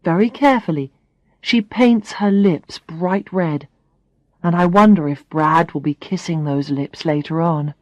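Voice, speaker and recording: A woman reading a first-person story aloud for English learners, clearly and expressively. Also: fairly low pitch, a little slow, no echo, muffled recording. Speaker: audiobook reader.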